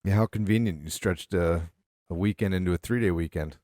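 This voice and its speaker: In clean studio audio with no room sound, a middle-aged man speaks briskly in a low voice. He co-hosts a podcast, animatedly rambling through stories with plenty of fillers during casual conversation.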